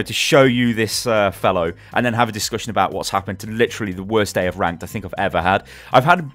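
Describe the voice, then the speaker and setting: Fast-talking exasperated gamer. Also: male voice, medium pitch, fairly bright tone. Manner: rambling, exasperated, with frequent restarts and mock outbursts. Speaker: gaming YouTuber. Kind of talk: casual commentary to camera.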